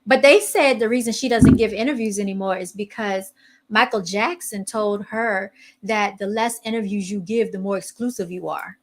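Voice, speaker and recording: Woman podcast host, mid-pitched, animated and chatty, casual talk. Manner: chatty, animated, reads posts aloud while searching online. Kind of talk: casual chat.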